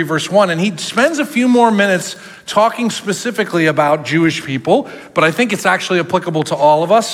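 A man preaching as a pastor, animated and acting out the voices he quotes. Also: high-pitched, in a large hall. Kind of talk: sermon.

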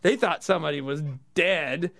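Gravelly high-voiced man telling stories. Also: normal speed. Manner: animated storytelling, laughing often. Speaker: podcast host. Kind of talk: casual comedy podcast chat.

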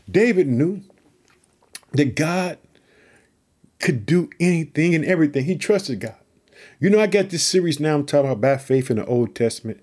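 A man's voice: on the high side, lively intonation, normal speed, long pauses, a little mellow. A man preaching through a psalm, reading verses aloud and urging listeners he calls family to trust and pray. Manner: repeats catchphrases between verses. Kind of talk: Bible teaching talk.

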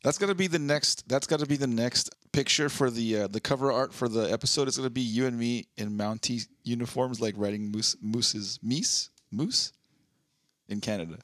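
A man's voice: medium pitch, moderate pace, fairly bright tone, no room sound, clean studio sound. A man co-hosting a podcast, chatting casually in a playful, crude way. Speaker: podcast co-host. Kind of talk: casual chat, reading news aloud.

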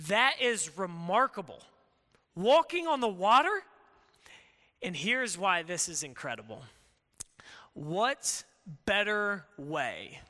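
A man preaching with a high, very bright and smooth voice, talking to the congregation in a lively, conversational way and throwing out rhetorical questions. His voice carries a long hall reverb. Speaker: pastor. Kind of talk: sermon.

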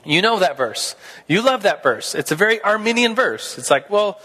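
A man's voice: sits high, big pitch swings, moderate pace, pushed and bright, in a large hall. A man teaching a Sunday school class in a casual, playful way, acting out both sides of a debate.

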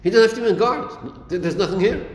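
A man's voice: high voice, fast. A man teaching a Chasidic text class, acting out dialogue and repeating his phrases. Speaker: Torah teacher. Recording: echoey room with long reverb.

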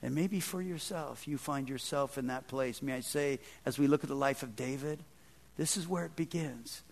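A man preaching a sermon as pastor, in a conversational way that swings between loud emphatic stretches and soft low passages. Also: moderate pace, vocal fry. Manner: conversational, with frequent "man" and "kind of".

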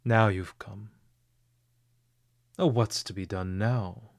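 A man's voice: on the low side, steady tone, slow pace, gravelly, no echo, clean studio sound, exaggerated voice. A man reading as a desperate devoted young woman. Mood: fervent pleading. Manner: pleading, fervent.

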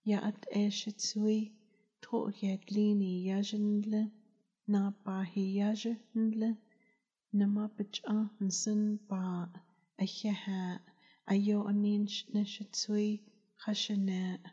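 A woman's voice: medium pitch, little pitch movement, slow, dark tone, long reverb tail, natural voice. A woman voicing a tearful Navajo grandmother who gives her grandsons a tender ceremonial greeting. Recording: dull lo-fi recording.

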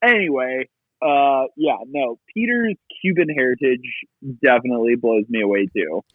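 A man co-hosting a podcast in casual chat, quick to jump in and correct the others. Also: mid-range voice, animated, dry recording. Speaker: podcast co-host. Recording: dry, tinny phone-like sound.

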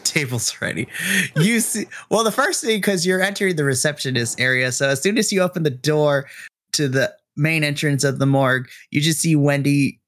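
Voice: medium pitch, a little fast, a bit bright. A game master narrating a tabletop scene in a rambling way, full of likes and restarts.

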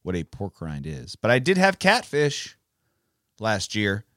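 Animated man hosting a kids' Bible podcast. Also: fairly low pitch, a little slow, vocal fry, dry recording, studio quality. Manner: animated, teacherly, playful. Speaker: podcast host. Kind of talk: casual Bible podcast for kids.

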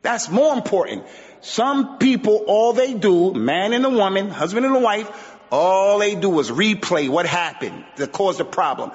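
A man's voice: high-pitched, animated, moderate pace. A man preaching a sermon, emphatic and repetitive, mixing Arabic phrases into his points. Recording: muffled audio with long hall reverb.

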